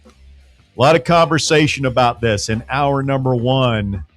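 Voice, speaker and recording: Guy hosting sports radio, gets loud and hyped, bit of music behind him. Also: a little slow. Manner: animated, swings loud and high when hyping. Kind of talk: lively sports talk radio banter.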